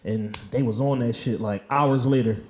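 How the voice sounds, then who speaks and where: A man telling a story in relaxed, casual podcast chat. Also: medium pitch, normal speed. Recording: roomy echoey studio.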